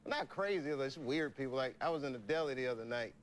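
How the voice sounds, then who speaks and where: A man's voice: mid-range voice, animated, fast, a little hiss or hum. A young adult man, a comedian, telling loose anecdotes on a talk show and laughing at his own jokes. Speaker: comedian guest.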